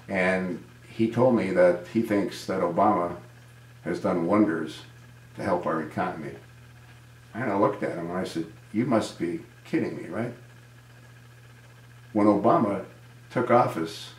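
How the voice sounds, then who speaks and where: A man's voice: low voice, echoey room, low-quality recording. A man giving an indignant political commentary monologue, answering a viewer and asking rhetorical questions. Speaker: video commentator.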